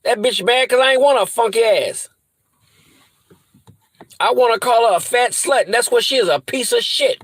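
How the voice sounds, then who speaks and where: A man's voice: very high voice, normal speed, long pauses, fairly bright tone, no echo, low-quality recording. A man ranting angrily to his viewers, profane and threatening, repeating insults over and over. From US Midwest. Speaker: vlogger. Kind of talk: angry rant to camera.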